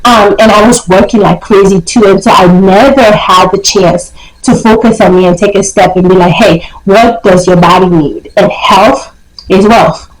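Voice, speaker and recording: A woman's voice: medium pitch, fairly even intonation, normal speed, roomy sound, poor audio. A young woman talking to camera in a casual, emphatic way, giving life advice and often checking in with "okay?". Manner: emphatic, repeats points, coaxing "okay?". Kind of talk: casual motivational talk to camera.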